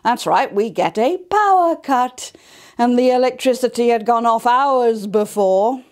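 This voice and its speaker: A woman's voice: fairly high pitch, animated, measured pace, a little mellow. A woman from the Cotswolds telling a folk tale in a wry, theatrical way, talking to her audience. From Cotswolds, England. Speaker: storyteller. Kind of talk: live folk storytelling.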